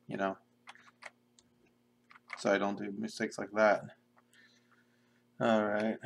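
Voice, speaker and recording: A young man casually talking to himself in a flat monotone while drawing pixel art on a live stream. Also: fairly low pitch, normal speed, vocal fry, long pauses, a little hiss or hum. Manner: mumbling to himself, self-described monotone. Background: keyboard typing and clicking.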